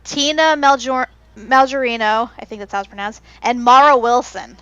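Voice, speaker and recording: A woman's voice: on the high side, moderate pace, pushed and bright, highs cut off. A woman co-hosting a podcast, chatting casually and sharing trivia with many fillers. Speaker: podcast co-host. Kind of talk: casual chat.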